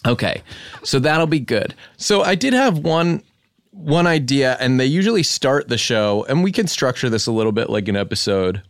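Dry, deadpan man riffing comedy bits. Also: medium pitch, moderate pace, no room sound. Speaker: podcast host. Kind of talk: comedic improv chat.

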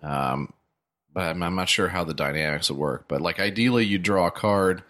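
A man's voice: sits low, moderate pace, fairly bright tone. A man co-hosting a casual comedy podcast, riffing crude joke ideas with a friend. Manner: crude, joking riffs. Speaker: podcast co-host.

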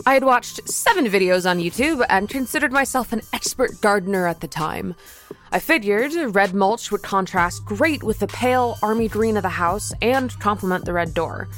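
A woman's voice: mid-range voice, fairly bright tone. A young woman from Florida narrating a first-person story in a wry, conversational way. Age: young adult.

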